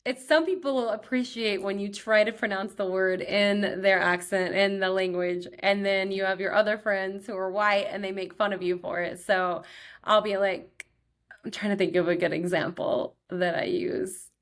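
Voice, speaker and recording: A young woman hosting her own show, talking in a chatty, excitable way full of fillers. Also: medium pitch, normal speed. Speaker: podcast host. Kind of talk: casual solo chat.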